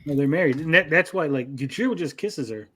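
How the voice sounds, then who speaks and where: Animated man retelling an anime. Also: a little high, brisk, slightly rough. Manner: animated, profane retelling with mock voices. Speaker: podcast co-host. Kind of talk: casual anime review chat.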